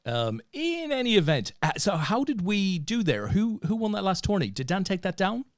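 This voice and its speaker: A man's voice: high voice, huge pitch swings, moderate pace, no room sound, studio quality. Joking man hosting a poker chat show. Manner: joking, reads out chat messages, many fillers. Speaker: host. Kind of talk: casual podcast chat.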